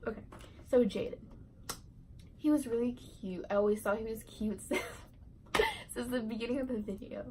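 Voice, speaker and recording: A teenage girl chats through a casual storytime vlog in a slightly high voice, rambling and giggly. She strings her thoughts together with "like" and "right". A faint hiss sits under the recording. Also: steady tone, normal speed, pauses often. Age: teens. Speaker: vlogger.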